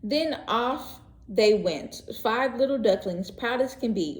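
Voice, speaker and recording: A woman teacher reading a picture book aloud to young children, gentle and expressive, pausing to ask questions and explain words. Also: mid-range voice. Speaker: pre-K teacher. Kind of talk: read-aloud story lesson for young children. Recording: echoey room.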